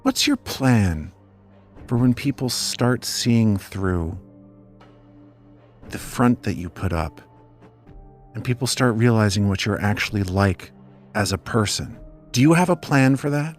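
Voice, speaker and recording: A man's voice: lowish voice, unhurried, pauses often, faint music behind. A man voicing a bored, cruel female devil who asks cutting questions. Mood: probing. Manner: flat, contemptuous.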